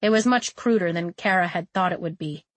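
A woman reading a novel aloud as narrator, in a steady, measured way. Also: fairly low pitch, no room sound. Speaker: audiobook narrator. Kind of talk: scripted narration.

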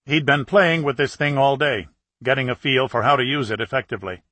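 Husky male audiobook narrator. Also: medium pitch, fairly quick, bright, forceful tone, dry recording. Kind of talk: scripted narration.

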